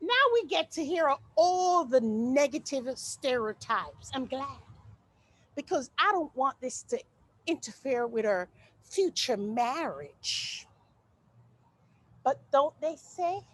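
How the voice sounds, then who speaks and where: A stage monologue from a woman voicing an outspoken, sassy woman airing her grievances. The voice sits high and swoops widely, and the delivery is unhurried. She slips into mocking, exaggerated tones. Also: exaggerated voice. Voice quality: expressive, mocking tone shifts. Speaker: stage actor performing a monologue. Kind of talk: theatrical monologue.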